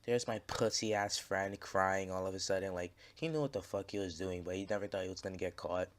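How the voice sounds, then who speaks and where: A man's voice: low voice, fairly even intonation, fairly quick, slight background noise. A man casually telling a story over gameplay, rambling and swearing, with lots of fillers and restarts. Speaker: gaming channel creator.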